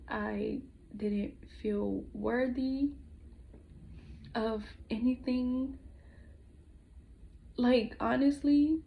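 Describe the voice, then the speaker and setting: A woman telling a personal story in a vlog, halting and emotional, with many restarts, her voice often dropping to a hush. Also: a little high, gravelly, dull audio. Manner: halting, with frequent restarts and pauses; soft and hushed, dropping at times to a whisper. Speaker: vlogger.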